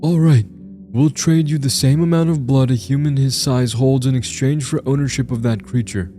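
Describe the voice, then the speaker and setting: A man voicing a gentle young man with dog ears, speaking calmly and kindly. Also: medium pitch, normal speed, soft background music, pitched above the performer's own voice, natural voice. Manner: calm and friendly.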